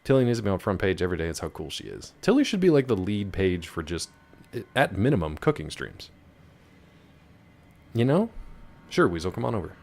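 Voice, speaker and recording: A man's voice: deep voice, big pitch swings, a little fast, gravelly, long pauses, a little mellow. A man streaming a game, chatting casually and wryly with viewers. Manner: chatty, wry, rambling. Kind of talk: casual live-stream chat.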